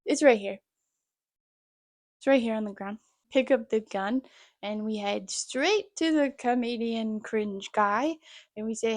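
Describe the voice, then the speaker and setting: A woman's voice: a little high, a little slow, pauses often, no echo. A woman giving joking, sarcastic commentary on an old game. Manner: sarcastic, jokey. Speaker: gaming video host.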